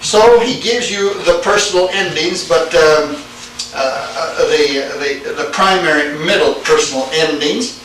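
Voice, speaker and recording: A man teaching a Greek class, lecturing slowly and quizzing his students as he goes. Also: on the high side, fairly bright tone. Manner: slow, deliberate, asks the class questions. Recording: echoey room, speaker far from mic, faint hiss.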